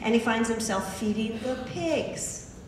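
A woman preacher giving a sermon, telling a story with emphatic, animated asides. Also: a little high, unhurried, recorded from a distance, background noise. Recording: echoey hall recorded from afar.

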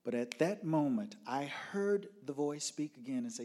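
A man telling a personal story dramatically, moving from loud outbursts to hushed whispers. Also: a little high, expressive, moderate pace, hardly any pauses.

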